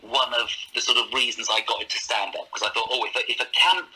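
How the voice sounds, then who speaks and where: A middle-aged man, a comedian, chatting as a podcast guest, animated with quick asides. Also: medium pitch, husky, poor audio. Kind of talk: casual podcast chat.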